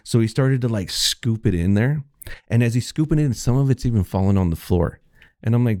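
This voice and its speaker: A man with a low, mellow voice tells a long, rambling story in casual podcast chat. He swears freely and acts out each person's lines. The sound is dry and close. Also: quick pace, dry recording. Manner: rambling, profane, acts out quotes. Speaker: podcast co-host.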